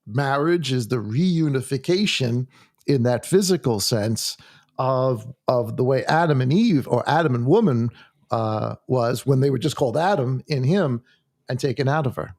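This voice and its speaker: A man leading a conversational Bible study in a church, halting and full of restarts as he reads scripture aloud. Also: mid-range voice, animated, a little mellow, no room sound, studio quality. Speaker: Bible teacher.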